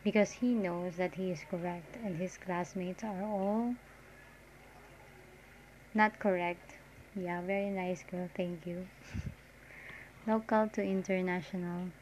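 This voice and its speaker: A woman's voice: lowish voice, fairly even intonation, slow, pauses often, darkish tone. A woman from the Philippines with a Filipino accent, chatting casually in a reaction vlog, full of "like" fillers and restarts. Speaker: reaction vlogger. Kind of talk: casual commentary. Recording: dull lo-fi audio with faint noise.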